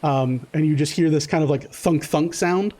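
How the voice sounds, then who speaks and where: A man running a tabletop game as game master, narrating in a loose, halting way full of fillers. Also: a little high, mellow.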